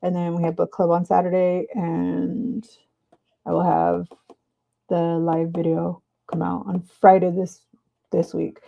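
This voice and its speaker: A woman hosting a live stream from her desk, chatting casually and breaking into high excited cheers, on a clip-on mic. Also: measured pace, vocal fry, lo-fi sound. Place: home desk. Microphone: clip-on mic in her shirt.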